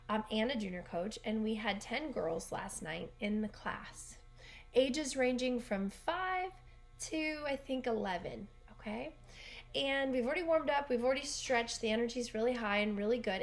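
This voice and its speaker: A woman coach telling a heartfelt story in a casual, rambling way, often correcting herself, recorded in her bedroom. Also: mid-range voice. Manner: earnest, rambling, with frequent self-corrections. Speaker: gymnastics coach and gym owner.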